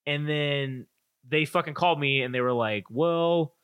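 A man's voice: mid-range voice, moderate pace, clean tone, dry recording, narrow, tinny audio. A man in his thirties, a podcast co-host telling a profane, ranting story in casual chat.

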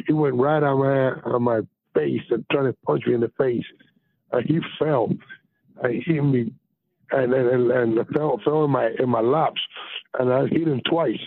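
Gravelly animated man on a phone line. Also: medium pitch, moderate pace, dry recording. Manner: animated, swears, acts out loud quotes. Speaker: interview guest, retired baseball pitcher. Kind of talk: casual storytelling on a podcast. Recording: tinny phone-line sound.

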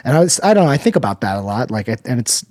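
A man in casual conversation, talking hesitantly, often pausing and restarting his sentences. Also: mid-range voice, very animated, darkish tone, no room sound, studio quality. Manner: hesitant, many fillers and restarts. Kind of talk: casual chat.

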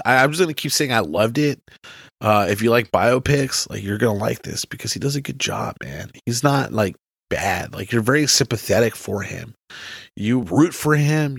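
A man's voice: mid-range voice, creaky, a bit bright, no room sound, studio quality. A young man as a podcast guest, chatting casually and enthusiastically, full of slang. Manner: slangy, enthusiastic, says bro a lot. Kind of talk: casual chat.

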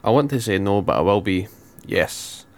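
Smooth low-voiced Scottish man. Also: lively intonation, normal speed. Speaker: podcast co-host. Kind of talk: casual wrestling recap chat.

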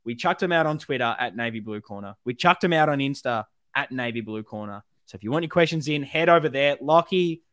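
A man's voice: medium pitch, expressive, a little fast, few pauses, fairly bright tone, dry recording, clean studio sound. A man with an Australian accent co-hosting a casual fan podcast, rallying supporters and plugging the show with enthusiasm. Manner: enthusiastic, rallying, plugs socials. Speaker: podcast co-host.

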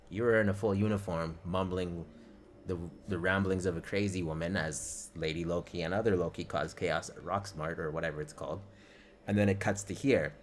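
A man's voice: deep voice, slight background noise. A man co-hosting a casual podcast, laid-back as he recaps scenes at length. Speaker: podcast co-host.

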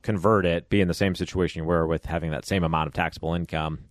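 Deep guy calmly walking through money stuff, dry close mic. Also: no echo. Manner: measured, explanatory. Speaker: podcast co-host, finance advisor. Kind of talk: casual finance podcast chat.

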